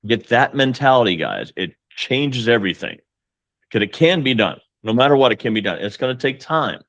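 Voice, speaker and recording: A man's voice: medium pitch, very animated, normal speed, a bit bright, no echo. A man talking as a guest mortgage coach, with an emphatic, pep-talk delivery. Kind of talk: casual podcast conversation.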